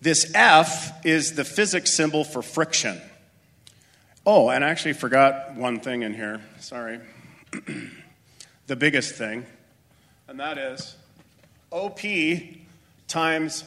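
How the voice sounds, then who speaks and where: A man's voice: a little high, pushed and bright, long reverb tail. Rambling man speaking to a group. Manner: casual, rambling, many fillers, self-deprecating. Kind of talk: motivational talk with personal story. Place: meeting room with an audience.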